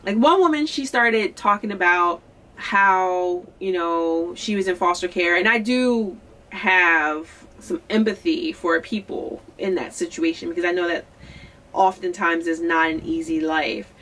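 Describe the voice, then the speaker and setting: A young adult woman from Philadelphia tells a personal story to her vlog audience. She is casual and candid, with a lively, animated delivery. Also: on the low side, unhurried. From Philadelphia, USA. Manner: chatty, candid, animated, quotes people in lively voices. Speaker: singer-songwriter vlogger.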